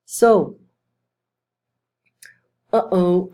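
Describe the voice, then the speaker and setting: A woman tutor recording a lesson, explaining expressions and reading example dialogues slowly, with fillers. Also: on the low side, steady tone, dark tone. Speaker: language tutor.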